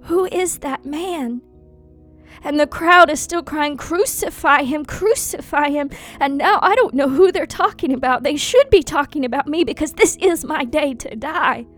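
A woman performing a first-person dramatic monologue, anguished and intense, full of pauses and repeated phrases. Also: high voice, a bit bright, soft background music. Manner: slow, anguished and intense, with many pauses and repetitions.

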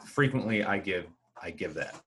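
A man who works in emergency medicine, chatting casually on a podcast in a measured, explanatory and agreeable way. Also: low-pitched, lively intonation, sharp tone. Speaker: emergency room healthcare worker.

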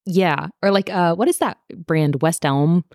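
A woman co-hosting a podcast, recapping a TV show in casual chat, animated, laughing and swearing as she acts out the characters. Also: fairly low pitch, measured pace, no room sound, clean studio sound. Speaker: podcast co-host.

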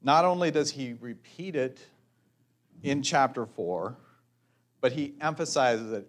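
A man preaching a measured, thoughtful sermon as a pastor, pausing for reflective asides. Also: medium pitch.

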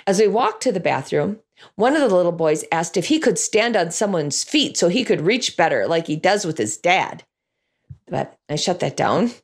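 A woman's voice: fairly low pitch, moderate pace. A woman who teaches a children's Bible class tells a story about it, acting out lines and sound effects. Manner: animated, acts out lines and sound effects in voices. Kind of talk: storytelling to an audience.

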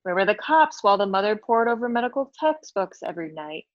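A woman's voice: medium pitch, big pitch swings, fast talker, dry recording, lo-fi sound, close to an everyday voice. A woman reading her own novel aloud as a defiant, sarcastic woman in her fifties just out of prison, with a flip, cheeky manner. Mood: mocking.

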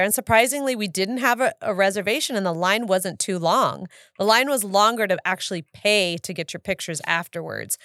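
Chatty, laughing woman, lowish voice. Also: fairly bright tone, smooth, dry recording, studio quality. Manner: chatty, laughs often, acts out her kids' voices. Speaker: podcast co-host. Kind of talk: casual chat.

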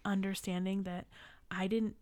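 A woman's voice: medium pitch, little pitch movement, moderate pace, darkish tone, dry recording. A young woman co-hosting a podcast in casual chat, telling an emotional story close to tears and swearing freely. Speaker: podcast co-host.

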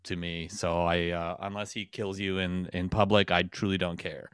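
A man's voice: low voice, little pitch movement, normal speed, clear, resonant tone, no room sound, clean studio sound. A man co-hosting a comedy podcast, rambling casually with lots of fillers. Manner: rambling, filler-heavy, laughs often. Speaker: podcast co-host.

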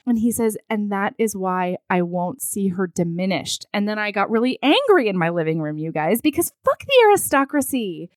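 A woman recapping a film in casual chat, acting out the characters' lines in an animated way. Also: medium pitch, normal speed, hardly any pauses, no echo, clean studio sound. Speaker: podcast co-host recapping a film. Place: her living room.

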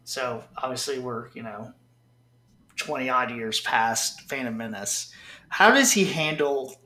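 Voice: medium pitch, measured pace, pushed and bright. A podcast co-host in casual chat, playful and teasing. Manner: playful, teasing, laughs often.

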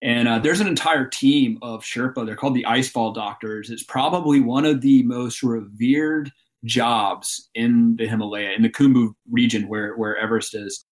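A man from Alabama, a mountain guide telling climbing stories in an interview, animated and laughing often. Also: mid-range voice, moderate pace. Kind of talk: storytelling interview.

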